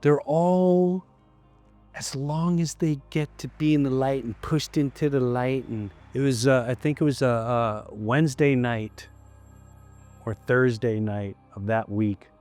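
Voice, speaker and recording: A man's voice: medium pitch, fairly even intonation, measured pace, darkish tone, soft background music. Emphatic man telling a story. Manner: emphatic, repetitive, drops to near-whispers. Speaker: comedian. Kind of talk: storytelling in an interview.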